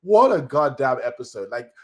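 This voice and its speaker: Give me a slangy, excitable young-sounding man reviewing a show live. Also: normal speed. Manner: excitable, swings into high cries and shouts when moved; slangy, rambling, with many restarts. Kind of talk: casual live-stream review.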